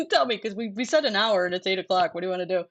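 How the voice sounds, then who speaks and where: A woman's voice: medium pitch, fast. Blunt, laughing woman hosting a casual livestream. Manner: animated, blunt, swears often, laughs a lot. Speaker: host.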